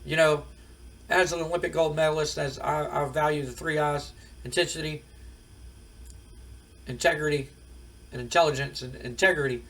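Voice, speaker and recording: A man's voice: on the high side, fairly even intonation, normal speed, long pauses, fairly bright tone, rough recording. A man voicing a self-righteous Olympic champion wrestler who lectures his rival. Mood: preachy. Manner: preachy, lecturing.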